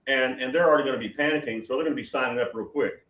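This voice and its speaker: A man's voice: mid-range voice, very fast, fairly bright tone. A man hosting a prophetic talk show, answering questions in a rambling, emphatic way with many restarts over a call. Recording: roomy sound from far off the mic.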